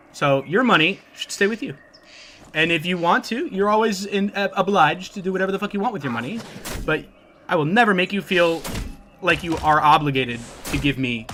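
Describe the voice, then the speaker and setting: Excitable, profane male streamer with a bright voice. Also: fairly high pitch, slight background noise. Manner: profane, excitable, thanks followers by name. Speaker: live streamer. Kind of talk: casual live-stream chat with viewers.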